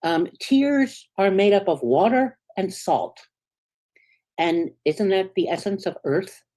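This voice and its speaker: An American woman minister preaches a sermon in an earnest, conversational style, frequently checking in with her congregation. Her medium-pitched voice is lively in intonation and slow in pace, shifting from soft, hushed asides to sudden emphatic peaks.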